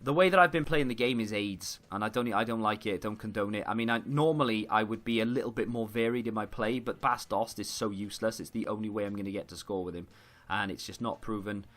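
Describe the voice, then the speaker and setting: A man's voice: fairly low pitch, fast, a bit bright. A man giving running commentary over his own football video game match, frustrated and self-deprecating. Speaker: gaming YouTuber. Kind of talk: live gameplay commentary.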